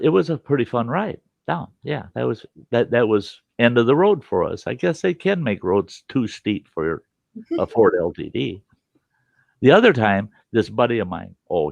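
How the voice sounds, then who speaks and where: A man hosting a storytelling show, telling a rambling, folksy, animated tale and swearing casually as he goes. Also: on the low side, normal speed, gravelly, dry recording, lo-fi sound. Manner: animated, folksy, swears casually, chuckles through his tales. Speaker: podcast host.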